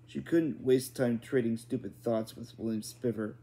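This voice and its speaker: A man's voice: medium pitch, steady tone, moderate pace, mellow. A man reading a children's book aloud in an unpolished style, often restarting and correcting words. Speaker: reader.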